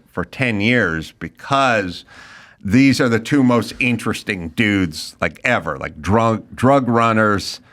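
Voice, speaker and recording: A man's voice: low voice, a bit bright. A middle-aged man hosting a podcast, telling crude, rambling stories in casual banter. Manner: blunt, crude, rambling storyteller. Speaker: podcast host.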